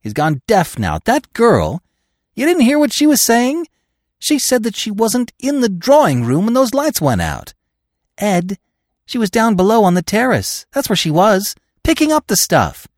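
A scheming American woman crook, frantic and overwrought, her voice leaping high and shrill, as a male narrator puts her on. The storybook reading is dry and close. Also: huge pitch swings, a little slow, no echo, heavily acted.

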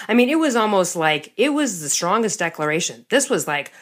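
A woman's voice: medium pitch, very animated, fairly quick. A woman podcast host chatting casually with her guest, earnest and emotional as she shares a personal story. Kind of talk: casual interview chat.

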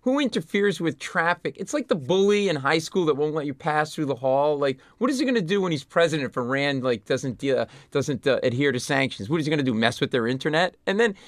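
A middle-aged man, a comedian from Rhode Island, tells stories in an interview with animated energy, tripping over his words and restarting. His voice sits a little high for a man. The sound is close and dry, with no room to it. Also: fast, hardly any pauses, no room sound. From Providence, Rhode Island. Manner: animated, stumbles and restarts mid-sentence. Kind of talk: conversational storytelling.

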